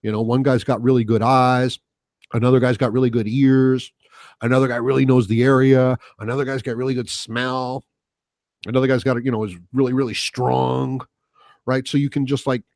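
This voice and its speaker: A man's voice: mid-range voice, level tone, normal speed, darkish tone, dry recording, studio quality. A man hosting a solo podcast, ranting casually in a rambling, profane way with lots of fillers. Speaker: podcast host.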